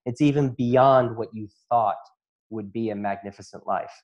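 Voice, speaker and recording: A man's voice: mid-range voice, moderate pace, a little mellow, highs cut off. A man who works as a chiropractor and facilitator, giving an earnest, emotional personal testimony to an audience and often breaking into laughter.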